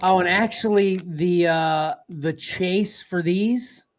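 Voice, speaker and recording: Man, fairly high voice, casual podcast co-host, laughs often, rambling. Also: slow pace. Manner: chatty, laughing, trailing off. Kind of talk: casual chat.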